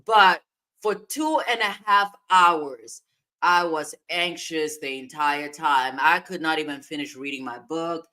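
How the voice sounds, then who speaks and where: A woman co-hosting a podcast, telling a story in a casual, animated way with big swings in loudness. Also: low-pitched, measured pace. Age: adult parent of a young child. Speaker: podcast co-host.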